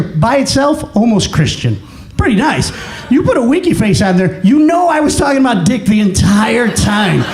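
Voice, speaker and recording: Male stand-up comic, higher voice, lively storytelling with shouted punchlines, roomy club sound. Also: normal speed. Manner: animated storytelling, acts out dialogue with shouted punchlines. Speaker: stand-up comedian. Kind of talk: stand-up comedy set.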